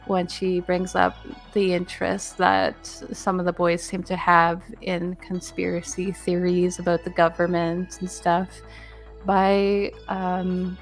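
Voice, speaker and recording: A woman narrating a tabletop game as game master, recapping the last session in a relaxed way with plenty of fillers. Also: fairly low pitch.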